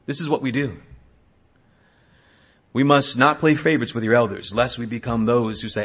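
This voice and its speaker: A man in his thirties, a pastor preaching a sermon, swinging between hushed asides and loud exhortation. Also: mid-range voice, normal speed, pauses often, breathy edge.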